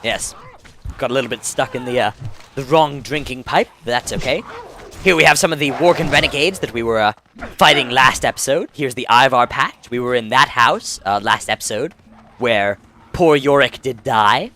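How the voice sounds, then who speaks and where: Bright-voiced man doing chatty game commentary. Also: medium pitch, a little fast, a little hiss or hum. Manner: chatty and rambling, with frequent self-corrections. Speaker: let's play host. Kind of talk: casual gameplay commentary.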